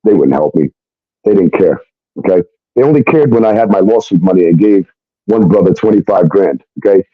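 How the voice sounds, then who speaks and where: A man recounts his story with a lively, swinging delivery, leaning hard on emphasis and the odd curse. The recording is dull and lo-fi, with a dry, close sound. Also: deep voice, fairly quick, dry recording. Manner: emphatic, profane, keeps adding "okay?". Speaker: guest. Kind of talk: casual storytelling.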